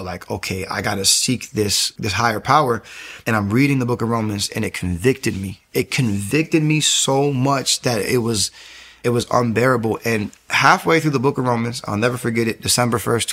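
A man telling the story of his conversion in an animated, conversational way. His mid-pitched voice has a gravelly fry. He stumbles and restarts often and acts out what others said. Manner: animated, acts out quotes, many fillers and restarts. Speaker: speaker giving a personal testimony. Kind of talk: personal faith testimony, storytelling.

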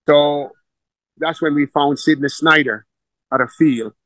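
A middle-aged football coach tells his stories with animated energy. His voice is bright and pitched a little high, and he often repeats words as he talks. The sound is dry, with almost no room echo. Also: a little slow. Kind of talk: conversational storytelling.

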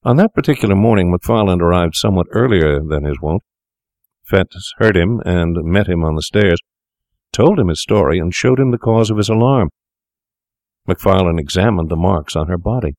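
A man giving measured, formal audiobook narration of a classic story. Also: sits low, animated, a little mellow, no room sound, studio quality.

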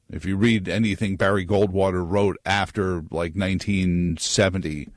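A man talks through a radio monologue in a low, easy voice, cracking asides as he goes. His delivery is casual and conversational, and it drifts off on tangents. The sound is dry and close, with no room around it. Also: steady tone, moderate pace, few pauses, no room sound. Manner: joking, digressive, conversational. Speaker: talk radio host.

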